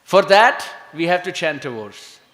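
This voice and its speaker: A man giving an animated devotional talk, drawing the audience into call and response. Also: fairly high pitch, measured pace. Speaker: devotional speaker. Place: temple hall. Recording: echoey hall.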